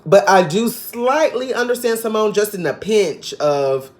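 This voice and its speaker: Sassy gossipy man recapping reality TV. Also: a little slow. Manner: sassy, gossipy, mimics cast members in high voices. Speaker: TV recap vlogger.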